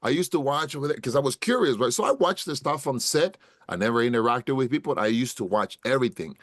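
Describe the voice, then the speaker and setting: A fast-talking middle-aged man with a medium-pitched voice tells a story on a casual podcast, where he's a guest and an actor. The studio-quality recording has no room sound. Using street slang, he acts out quotes animatedly and often says "bro" and "brother" to the host.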